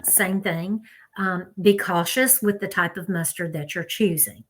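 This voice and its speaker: A woman's voice: medium pitch, a bit bright. Woman, Southern accent, chatty, direct, casual advice vlog. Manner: chatty, direct, talks to viewers as "y'all". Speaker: health vlogger.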